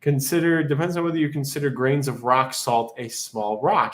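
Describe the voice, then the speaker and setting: A man's voice: medium pitch, steady tone, normal speed, a bit bright, a little hiss or hum. Rambling man hosting a live auction. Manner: rambling, jokey, reads chat aloud. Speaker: live auction stream host. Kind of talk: casual live-stream chat. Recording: echoey room.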